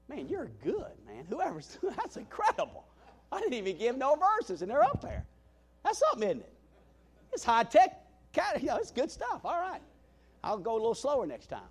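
A man preaching a sermon as a guest speaker in a church. He swings between loud emphatic calls and hushed tender asides, repeats his phrases and stumbles over restarts. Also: very high voice, breathy edge. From Southern United States. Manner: stammering restarts. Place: church meeting hall.

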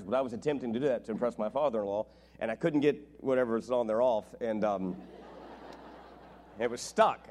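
A middle-aged man preaching as a visiting pastor, telling jokes and family stories in an animated way. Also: on the high side. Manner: joking, animated storytelling. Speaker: guest preacher. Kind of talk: sermon.

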